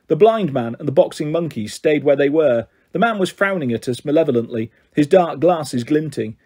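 A man reading a children's novel aloud in steady first-person narration, giving voices to the characters. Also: on the high side, breathy edge. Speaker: storyteller.

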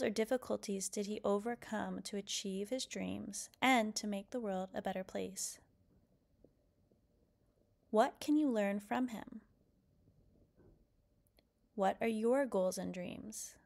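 A woman reading a children's picture book aloud, lively and expressive, then posing questions to young listeners. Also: mid-range voice, slow, vocal fry, pauses often. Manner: expressive, lively character quotes. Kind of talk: read-aloud storytelling.

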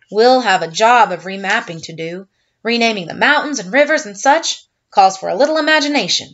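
Woman doing a talkative army captain, rambling plans, a bit muffled. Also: a little high. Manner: rambling, planning aloud. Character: military captain, brisk and talkative.

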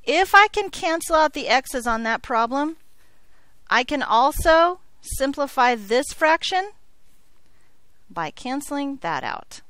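A woman teaching algebra to a classroom, quick with a joke and always checking that the students follow along. Her voice sits high and bright in pitch. The sound is dry and close, with little room echo. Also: sing-song. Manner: playful, jokey, checks in with frequent "okay?". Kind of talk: classroom lecture.

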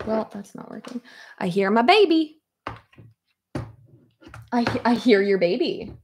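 A woman's voice: on the high side, expressive, measured pace, background noise. A woman in her thirties chatting casually at her desk while doing her hair, rambling and laughing often. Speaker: YouTuber. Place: home office at her desk.

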